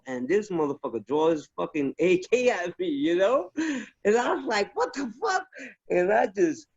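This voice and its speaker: A fairly high-voiced man tells stories from his army days in a loose, profane chat, piling on restarts as he goes. The recording sounds dull and lo-fi. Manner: profane, animated, many restarts. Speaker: guest, army veteran. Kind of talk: casual storytelling chat.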